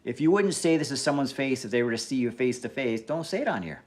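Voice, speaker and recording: A man's voice: medium pitch, fast talker. Blunt swearing man hosting a live chat. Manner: blunt, animated rant with frequent swearing. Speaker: livestream host. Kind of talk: casual live-stream chat.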